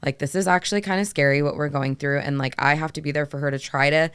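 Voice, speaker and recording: A woman's voice: deep voice, fairly even intonation, quick pace, clean tone, no echo. A woman in her thirties, co-hosting a podcast, talking reflectively in casual chat with many "like"s. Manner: soft, filler-heavy, reflective. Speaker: podcast co-host.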